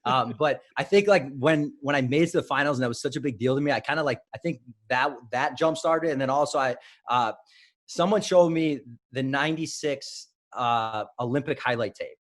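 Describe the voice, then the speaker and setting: A man's voice: medium pitch, a little fast. Man telling stories in a casual interview. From Illinois, United States. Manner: rambling, self-correcting storyteller. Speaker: wrestling coach, podcast guest.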